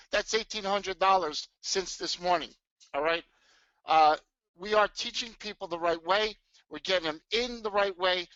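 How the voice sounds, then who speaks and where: A middle-aged man with a high, bright voice hosts a live webinar, hyped and tumbling over his own restarts. The sound is dry and close, caught on a dull, lo-fi webcam mic. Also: no room sound. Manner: excitable, hyped, many restarts. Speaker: trading webinar host.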